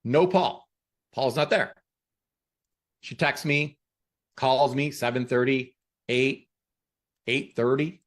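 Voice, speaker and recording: A man hosting a podcast who gives a motivational talk and tells stories in an emphatic, animated way. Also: mid-range voice, slow, long pauses. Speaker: podcast host.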